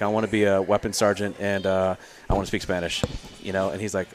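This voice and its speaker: A man's voice: fairly low pitch, a little fast, few pauses. A man in his thirties, a former soldier, casually telling stories and acting out the people he quotes, with some swearing. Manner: animated storyteller who acts out quoted voices, swears freely. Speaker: podcast guest, former Army Ranger and Green Beret. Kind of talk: casual storytelling chat.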